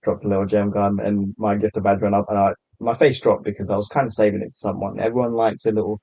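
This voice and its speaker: A man talks in an easy, unhurried way, his low and mellow voice giving the chat a relaxed feel. The recording is dry and a little muffled. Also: no room sound. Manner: laid back, low-key. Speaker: podcast guest, content creator. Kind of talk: casual podcast chat. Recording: slightly muffled lo-fi sound.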